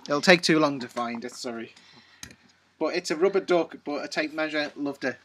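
A man's voice: on the high side, normal speed, a bit bright, slight background noise. A man chatting casually as a vlog guest, rambling with frequent restarts. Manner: hesitant, rambling, full of restarts. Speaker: guest, co-host. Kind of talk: casual chat.

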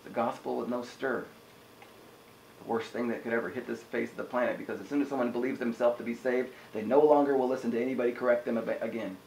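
A man preaching a sermon in an energetic, conversational way, often asking the listeners "amen?". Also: medium pitch, quick pace, creaky, roomy sound, slight background noise, low-quality recording. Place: house church room.

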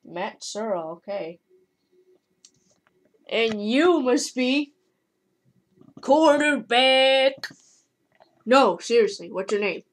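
A woman's voice: on the high side, animated, drawn-out words, pauses often, full character voice. A woman playing a rambling wrestler host. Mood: chatty. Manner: rambling, giggly, full of fillers. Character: cocky male wrestler hosting a toy game show. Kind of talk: playing with toy figures.

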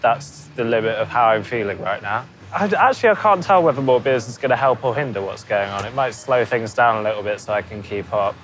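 A man, reporting and narrating a documentary in a dry, deadpan way. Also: medium pitch, brisk, few pauses, a little hiss or hum. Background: music bed under narration.

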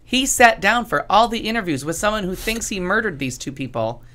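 A woman co-hosting a casual chat show, talking in a chatty, sarcastic way with loud comic outbursts. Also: mid-range voice, lively intonation, a little fast. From United States. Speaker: podcast co-host.

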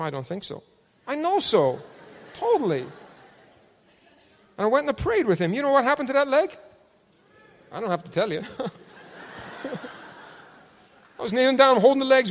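Irish-based preacher in an echoing hall. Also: male voice, sits high. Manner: swings from loud shouting to hushed storytelling. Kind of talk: sermon testimony. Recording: long hall reverb.

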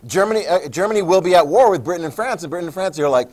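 A man teaching a history class, lecturing in an animated way and quizzing students. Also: high voice, rapid-fire, few pauses. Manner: animated, acts out countries in jokey voices; asks the class questions.

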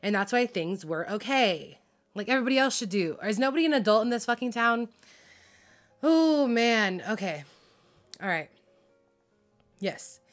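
Faint music plays behind a woman whose voice sits on the high side, expressive and moderately paced, with long pauses. She's a drama reaction vlogger ranting heatedly about a TV drama, swearing constantly, full of fillers and laughs, and frazzled enough to lose track of names.

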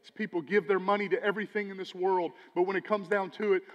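Animated preacher, high voice, church hall reverb. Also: male voice, fast, muffled recording. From Texas. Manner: animated, preachy, swings between loud emphasis and quiet asides. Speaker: pastor. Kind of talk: sermon. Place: church sanctuary.

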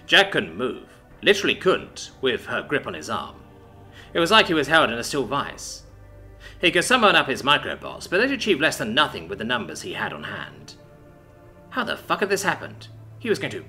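Man, story narrator, dramatic reading, very animated pitch, faint music behind. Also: moderate pace. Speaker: audiobook narrator. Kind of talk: scripted fantasy story narration. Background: faint background music.

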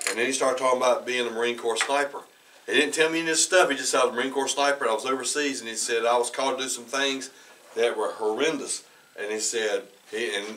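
A pastor preaching in a church, telling a story in a loose conversational way with frequent restarts and throat-clearing. His voice is bright and carries forward. It is heard from a distance, away from the mic. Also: mid-range voice, slight background noise. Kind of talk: sermon with personal storytelling. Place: church sanctuary.

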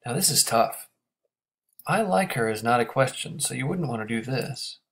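A man's voice: mid-range voice, a bit bright. Man teaching a grammar lesson. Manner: explains step by step, asks quick check questions.

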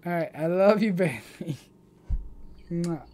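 A woman's voice: on the low side, measured pace, dark tone, slight background noise. Chatty young woman streaming. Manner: chatty and affectionate. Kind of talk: casual livestream chat.

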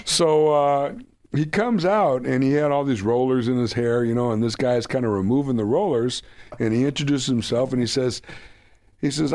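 A man's voice: medium pitch, expressive, moderate pace, a little mellow. A man who leads a band, a guest in an interview, telling a casual anecdote and acting out the quotes, with many fillers.

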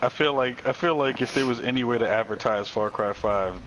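A man playing a co-op game with a friend, relaxed and planning moves, retelling mishaps with amused disbelief. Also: medium pitch, a little fast, very noisy. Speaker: co-op player. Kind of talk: casual co-op gameplay chat.

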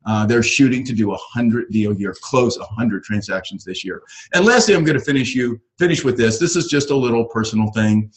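A man's voice: mid-range voice, a little fast, rough recording. A middle-aged man hosting a real estate coaching webinar, talking casually and enthusiastically with many fillers. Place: ranch.

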